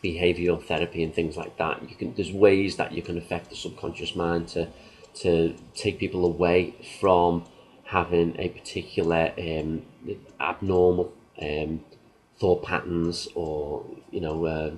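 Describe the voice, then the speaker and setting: A man with a fairly low voice talks casually to the camera as a self-help host. He explains loosely and leans on everyday examples, sometimes acting out what people say. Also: level tone, a little slow, darkish tone, poor audio.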